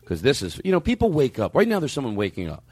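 A man hosting a comedy podcast, telling stories in a loose, profane, animated way that swings between loud and quiet. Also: medium pitch, quick pace, breathy edge, no room sound. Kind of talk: casual comic storytelling.

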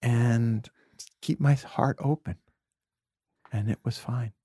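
A man from Brooklyn, a podcast guest, telling earnest, emotional stories in a reflective conversation, sometimes dropping to a soft whisper. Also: medium pitch, steady tone, slow pace, slightly rough, no echo, studio quality.

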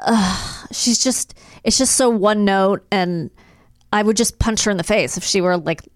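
A woman co-hosting a podcast in casual chat, animated and blunt, swearing freely. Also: medium pitch, no room sound, clean studio sound. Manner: animated, swears, quick asides. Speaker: podcast co-host.

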